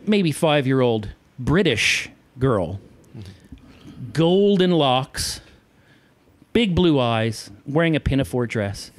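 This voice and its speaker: A man spinning a funny work story in relaxed conversation, with a lively voice that jumps up and down as he acts out the people in it. He laughs often and slips into little character voices, all in an unhurried, middle-pitched tone. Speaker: guest, former theme park costume performer. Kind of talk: casual storytelling chat.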